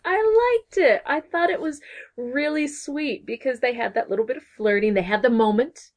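Recapping a TV episode in casual chat, this podcast co-host from Texas gushes with bubbly enthusiasm and slips in little giggles. She has a high voice and keeps a moderate pace.

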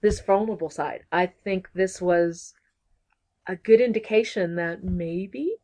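A woman's voice: fairly low pitch, a little slow, mellow. A woman from Texas co-hosting a podcast, chatting casually and gushing about a TV episode. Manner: bubbly and gushing, with giggly asides. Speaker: podcast co-host. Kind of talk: casual chat recapping a TV episode.

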